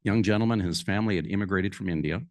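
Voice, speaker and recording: A man with a fairly low voice tells a folksy story to a lunch crowd. His delivery is lively and homespun. The sound is dry and close, with no room echo. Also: fast. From Alberta, Canada. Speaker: conference speaker. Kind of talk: folksy storytelling to a live audience.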